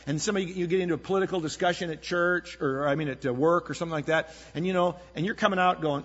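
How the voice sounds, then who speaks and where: A man preaching to a congregation in a husky, slightly high voice, earnest and conversational. The sound is dull and lo-fi, with a long reverb trailing off a large hall. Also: rapid-fire, hardly any pauses. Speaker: pastor. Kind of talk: sermon.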